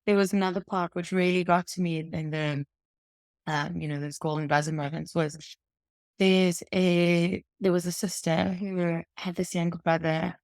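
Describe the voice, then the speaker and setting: A woman's voice: on the low side, steady tone, moderate pace, a little mellow, no echo. A woman in her late twenties hosting a casual chat, telling stories animatedly and laughing often. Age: late 20s. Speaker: podcast host.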